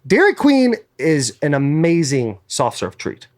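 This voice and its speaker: A man hosting a casual podcast, ribbing his co-hosts with loud, animated energy. His voice sits a bit high and swoops up and down as he jokes. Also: a little slow. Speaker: podcast host.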